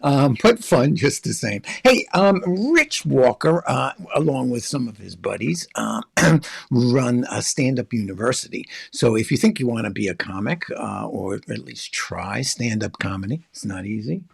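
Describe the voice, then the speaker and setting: A man's voice: mid-range voice, animated, a little slow, gravelly, breathy edge. A man hosting a magic show in casual live-stream chat, rambling with lots of fillers and restarts.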